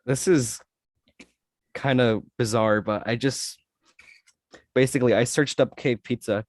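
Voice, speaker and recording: A guest co-host on a fan podcast, chatting casually with enthusiastic, quick reactions. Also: medium pitch, steady tone, dry recording.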